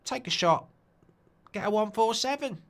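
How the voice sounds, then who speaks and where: A man's voice: high-pitched, expressive, normal speed, a bit bright, voice pushed up. A man putting on a laid-back London snooker champion, offhand and boastful, tagging "right?" and "you know?" onto his lines. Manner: offhand, boastful, tag questions.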